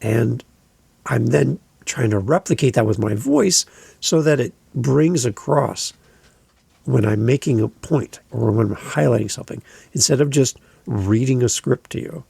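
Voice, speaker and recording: Podcast guy giving tips, super gravelly raspy voice, talks like he's chatting over coffee. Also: medium pitch, normal speed, a little mellow, no echo. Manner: conversational, emphatic, gesturing with hands while speaking. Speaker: podcast host and coach. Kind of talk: casual instructional monologue.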